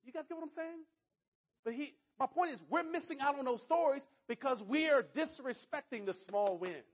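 A man giving an energetic motivational talk to an audience, often checking that his listeners follow him. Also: very high-pitched, moderate pace. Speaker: motivational speaker. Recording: dull lo-fi recording.

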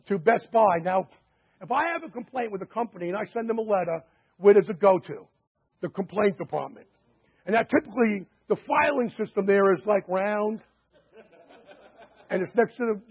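A man pitching a membership through chatty anecdotes full of quoted dialogue and fillers, in a dull lo-fi recording. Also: slightly rough. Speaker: sales presenter. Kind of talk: sales pitch storytelling.

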